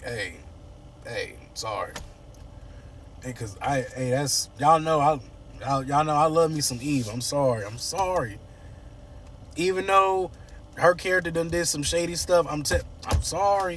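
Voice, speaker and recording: A man chats through a soap opera recap, slipping into the characters' voices and joking at his own asides. His voice sits in an ordinary middle register. He is a little far from the mic, with faint noise in the background. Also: medium pitch. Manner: animated, playful, acts out characters' lines. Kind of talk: casual recap chat.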